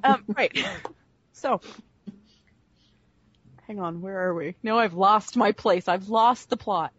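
A woman's voice: mid-range voice, slow, fairly bright tone, husky, highs cut off. A tired woman with a British accent, chatting wryly as a tabletop player. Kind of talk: casual chat.

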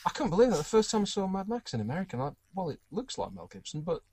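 A man's voice: high voice, very animated, racing, darkish tone, slight background noise, low-quality recording. A man running a tabletop game, narrating in a wry, chatty way and laughing often. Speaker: game master.

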